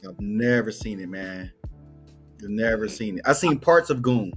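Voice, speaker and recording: A man's voice: on the low side, lively intonation, moderate pace. A man co-hosting a sports show, rambling casually with many restarts as he talks about the movies he loves. Music plays faintly underneath. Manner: rambling, full of restarts, laughs easily.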